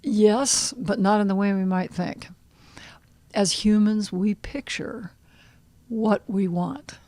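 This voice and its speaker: A middle-aged animal communication counselor talks slowly at a medium pitch during a podcast interview. Her manner is gentle and guiding, occasionally dropping almost to a whisper, and the recording has no echo.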